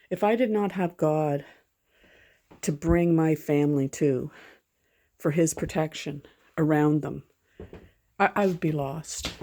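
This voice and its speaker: A woman vlogging from her home in a loose, chatty way, wandering off track and circling back mid-sentence. Her voice sits a little lower than most women's. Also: mellow, a little hiss or hum. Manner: chatty, rambling, frequent self-corrections and laughs. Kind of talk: casual chat to camera.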